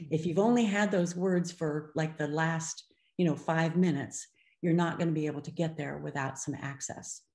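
Expressive older woman lecturing in a roomy space. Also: on the low side. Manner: expressive, slips into voices when quoting children and parents. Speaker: speech-language clinician presenting. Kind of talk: webinar lecture. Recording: roomy echo.

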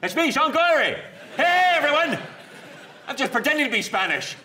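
A man's voice: extremely high pitch, very animated, fairly quick, slight background noise, voice pushed up, exaggerated voice. A man putting on a boastful film star who breaks character to greet everyone. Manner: loud, chummy, self-announcing.

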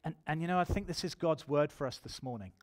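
A man's voice: a little high, fast talker. A man preaching a sermon in church, telling his own testimony and building to emphatic appeals.

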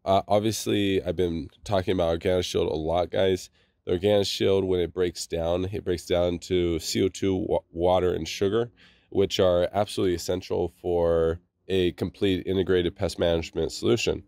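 A man's voice: deep voice, fairly even intonation, normal speed, vocal fry, darkish tone, no room sound, clean studio sound. A congested man hosting a casual garden vlog, talking enthusiastically and rambling with many restarts. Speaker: gardening channel host.

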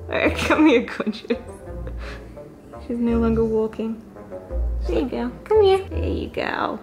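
A woman chatting in a casual home vlog, cheerful and fond as she explains things gently. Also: on the high side, lively intonation, unhurried, long pauses, soft background music. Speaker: vlog co-host, pet owner. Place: at home indoors.

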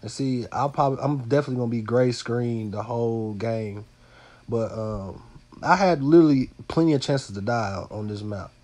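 Man, nasal, congested, under the weather, rambling gameplay commentary, filler-heavy, occasional swearing, mid pitch. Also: normal speed, a little mellow. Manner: rambling, loose, many fillers and repeats, some swearing. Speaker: gaming channel host.

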